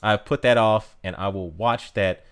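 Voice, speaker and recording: A man's voice: fairly low pitch, normal speed, fairly bright tone, smooth. An American man chatting casually to viewers on a live stream, rambling, with lots of fillers and restarts. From United States.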